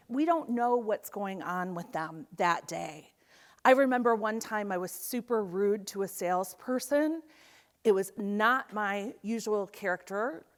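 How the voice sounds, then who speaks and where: A middle-aged woman giving a motivational keynote talk in a conference hall, telling stories and acting out the voices of people in them. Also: mid-range voice. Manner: animated storytelling, acts out quoted voices. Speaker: keynote speaker.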